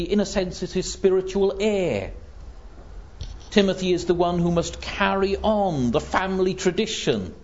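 A man preaching a sermon in an earnest, emphatic voice that sits a little high. He builds intensity as he quotes scripture. The recording is dull and lo-fi. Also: darkish tone. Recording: dull lo-fi sound.

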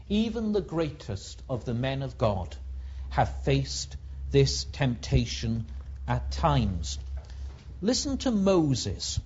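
A preacher giving a slow, emphatic sermon with dramatic rises, on a dull lo-fi recording. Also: mid-range voice, darkish tone, breathy edge.

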